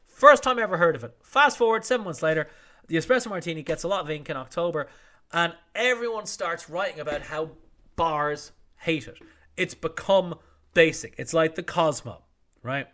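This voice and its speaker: Wry, lively male podcast host. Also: a little high, a little fast. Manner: wry, irreverent, swears freely, acts out quotes. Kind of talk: casual news roundup monologue.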